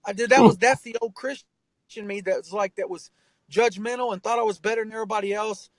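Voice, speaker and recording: A man with a high voice speaks earnestly and emphatically, tossing in "man" and "bro" and swearing freely. The sound is dry and close to the mic, with no room around it. He tells his story with heartfelt intensity. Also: steady tone, quick pace, no echo, rough recording. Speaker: rapper and tattoo artist, guest. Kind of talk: candid interview talk.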